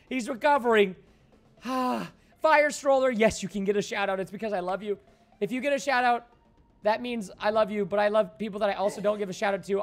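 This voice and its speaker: A man with a high-pitched voice talks through a game on a casual livestream. He is excitable and jokey, and shouts when frustrated. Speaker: gaming livestreamer. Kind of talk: casual gaming livestream commentary.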